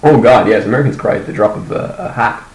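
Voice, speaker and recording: A man's voice: medium pitch, fast talker, a little mellow, reverberant, slight background noise, rough recording. A man co-hosting a podcast in casual chat, joking and exaggerating, laughing often. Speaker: podcast co-host.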